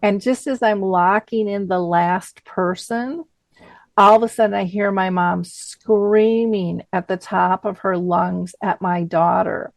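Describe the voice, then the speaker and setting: Middle-aged woman, host, animated storyteller, dry close sound. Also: mid-range voice, slow pace, vocal fry, no room sound. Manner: animated storyteller, acts out quoted voices. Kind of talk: conversational panel chat.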